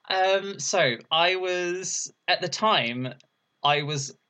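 An animated young man tells his story as an interview guest. He laughs often and raises his voice high whenever he acts out what someone said. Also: very slow. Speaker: interview guest, burlesque performer.

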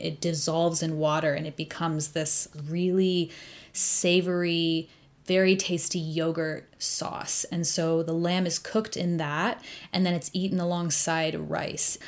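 A woman with a somewhat low voice talks casually as a guest. She describes food in an animated way and laughs often. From United States. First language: Arabic. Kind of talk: casual chat.

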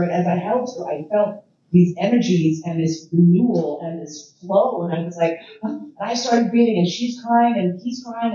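Far-off, echoey woman telling stories. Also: fairly low pitch. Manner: profane, animated storyteller with frequent laughs. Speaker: featured guest speaker. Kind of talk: casual storytelling Q&A. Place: event room at a conference. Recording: echoey room from far off, dull and noisy.

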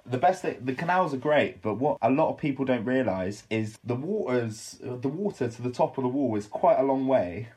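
Husky young man telling a story. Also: mid-range voice, moderate pace, hardly any pauses. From Britain. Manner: animated anecdote-telling, swears casually. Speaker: guest. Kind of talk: casual storytelling.

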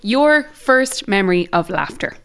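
A woman hosting a podcast, welcoming and interviewing her guest with a quick laugh. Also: medium pitch, lively intonation, a bit bright, clear, resonant tone. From Ireland. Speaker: podcast host.

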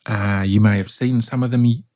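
Soft-spoken man hosting a podcast. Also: fairly low pitch, fairly even intonation, brisk. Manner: soft and gentle, heartfelt. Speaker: podcast host. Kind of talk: solo podcast monologue.

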